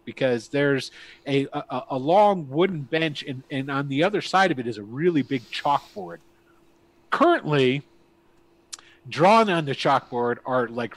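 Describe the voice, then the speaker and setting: Man rambling as a tabletop game master. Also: medium pitch. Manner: rambling, many fillers and restarts.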